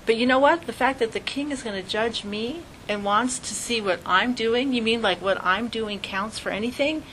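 Bright-voiced woman teaching a class. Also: on the high side, normal speed, a little hiss or hum, poor audio. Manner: animated, acts out little scenes in quoted voices. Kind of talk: Jewish studies class lesson.

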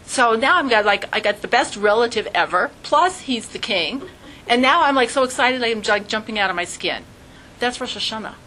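A woman teaching a religious class, explaining with animated little acted-out scenes. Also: fairly high pitch, a little hiss or hum, low-quality recording. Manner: animated, acts out little scenes in quoted voices. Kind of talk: Jewish studies class lesson.

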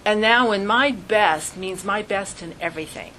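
A woman teaching a religious class, explaining with animated little acted-out scenes. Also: mid-range voice, normal speed, few pauses, slight background noise, poor audio. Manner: animated, acts out little scenes in quoted voices. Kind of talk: Jewish studies class lesson.

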